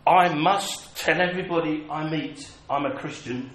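A man's voice: a little high, normal speed, fairly bright tone. A man preaching a sermon, telling personal stories in a conversational, self-mocking way. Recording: echoey hall with faint ambience.

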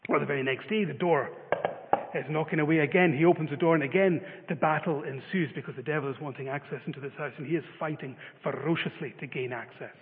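A man's voice: fairly high pitch, fast. A man preaching a sermon, telling a story with many filler uhs. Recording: phone-like reverberant sound.

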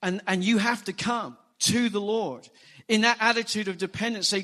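High-voiced man preaching with rising emphasis. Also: moderate pace. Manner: animated preaching, rising emphasis, quotes scripture in acted voices. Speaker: pastor. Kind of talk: sermon.

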